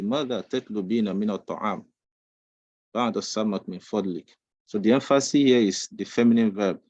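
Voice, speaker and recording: Patient low-voiced man teaching Arabic online. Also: darkish tone, no echo. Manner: patient, explains slowly in English between Arabic drills. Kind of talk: online language lesson. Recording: dull lo-fi dry sound.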